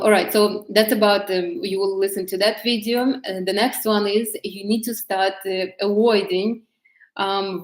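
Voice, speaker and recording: Female coach, mid-range voice, gentle and halting delivery with many fillers, recorded in an echoey room. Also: medium pitch. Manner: hesitant, many fillers and restarts, gentle explaining tone. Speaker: femininity coach. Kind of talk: casual instructional talk to camera.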